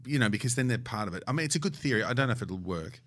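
A man co-host jokes along in a playful, animated way, laughing loudly. His pitch swings widely in mid range. His tone is bright. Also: rapid-fire. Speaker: podcast co-host. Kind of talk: casual chat.

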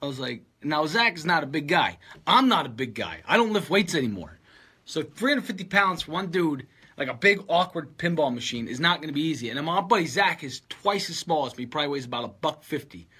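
A man telling a story in a casual, animated way and acting out his friends' lines. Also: fairly high pitch, fairly quick, husky.

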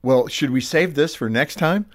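A man's voice: a little high, moderate pace. A man hosting a faith talk show interview, friendly and affirming toward his guest. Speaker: host.

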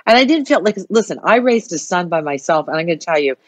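Chatty woman host with a lower voice. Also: big pitch swings, fast talker, dry recording. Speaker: interview host. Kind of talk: casual interview chat.

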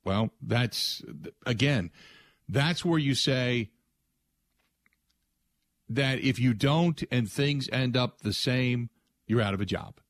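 A man's voice: medium pitch, slow, pauses often, dry recording, studio quality. A man hosting sports talk radio, delivering a blunt, emphatic opinion monologue with frequent restarts.

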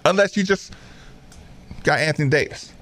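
A man hosting a basketball podcast, talking in an animated, emphatic way, repeating himself and mimicking players. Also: a little high, normal speed, a little hiss or hum. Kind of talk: casual opinionated commentary.

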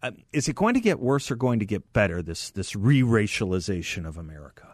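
A man hosting a talk radio show who interviews a guest and reads the station's phone number, speaking conversationally with quick affirmations. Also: on the low side, sing-song, slightly rough, no echo, studio quality.

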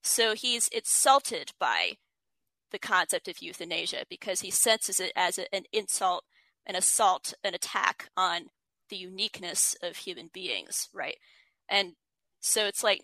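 A woman's voice: medium pitch, unhurried, bright, forceful tone, no room sound, poor audio. A woman writer giving an interview, explaining ideas earnestly and reading quotes aloud. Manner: earnest, frequent restarts, reads quotes aloud. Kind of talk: thoughtful conversational explanation.

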